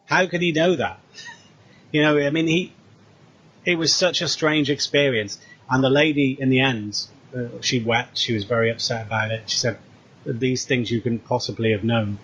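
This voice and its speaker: A man's voice: medium pitch, moderate pace, muffled recording, a little hiss or hum. A British man casually retelling a story, acting out the dialogue as he goes. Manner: animated retelling with quoted dialogue. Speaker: co-host.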